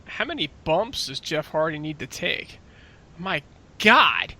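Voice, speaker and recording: A man's voice: on the high side, big pitch swings, slow, bright, forceful tone. A man co-hosting a casual wrestling podcast, talking in an exasperated, opinionated way. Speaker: podcast co-host.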